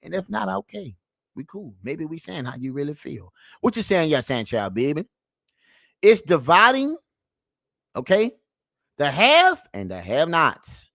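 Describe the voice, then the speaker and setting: Male reaction host, preachy comic rant, very lively pitch, dry close mic. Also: creaky, no echo. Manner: preachy, keeps calling out to the people; drawn-out, animated swings between mutter and shout.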